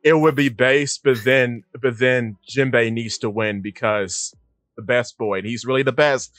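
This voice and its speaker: A man co-hosting a casual podcast, ranting excitedly in mock outrage and laughing at himself. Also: medium pitch, unhurried, no room sound. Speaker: podcast co-host.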